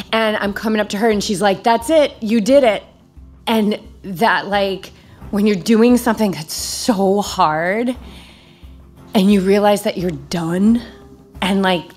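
A middle-aged woman hosting a podcast, telling a story in a casual, animated way with many fillers and high-pitched quoted shouts. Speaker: podcast host.

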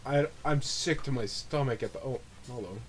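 A young man recording let's play commentary, swearing and swinging from low muttering to sudden shrieks of disgust. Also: normal speed, a little hiss or hum. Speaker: gamer, channel host.

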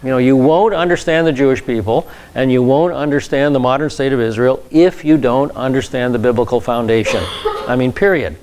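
A man's voice: medium pitch, fairly quick, darkish tone, a little hiss or hum. A man, a pastor, teaching a Bible class in a conversational lecture style, with frequent fillers and repeated words.

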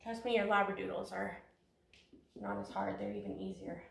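A woman's voice: mid-range voice, very animated, moderate pace, gravelly. Breathless woman dog trainer, echoey. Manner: chatty, rambling asides. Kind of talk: casual training lesson. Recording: echoey room from far off.

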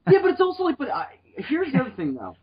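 A man co-hosting a podcast in casual chat, rambling and animated, restarting his sentences often. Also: very high voice, fast. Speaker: podcast co-host. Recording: dull lo-fi sound.

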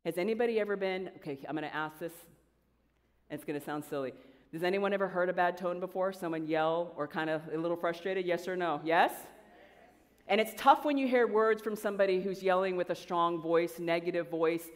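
A woman coach giving an energetic motivational speech to students, talking conversationally and quizzing the audience. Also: on the low side, a little fast. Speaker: coach and guest speaker. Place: large event hall with an audience. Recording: long hall reverb.

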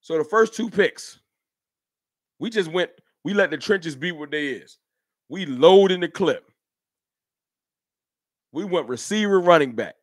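Man, livestream host, animated and slangy, higher voice, dry close sound. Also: moderate pace, long pauses, no room sound. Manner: animated, slangy, talks to chat by name. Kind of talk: casual fan livestream talk. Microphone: streaming setup.

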